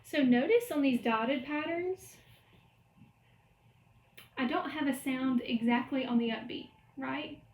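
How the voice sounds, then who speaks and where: High-voiced woman teaching music in an echoey room. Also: takes it slowly, pauses often, darkish tone. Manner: explains step by step, chants rhythm syllables. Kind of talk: recorded online lecture.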